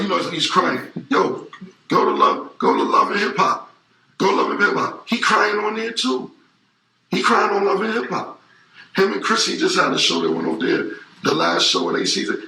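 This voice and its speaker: Male interview guest, forties, emphatic and profane, edgy bright timbre with some fry, roomy room sound. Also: a little high, slight background noise. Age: 40s. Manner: emphatic, repetitive, profane street talk. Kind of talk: casual interview talk. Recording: roomy echo.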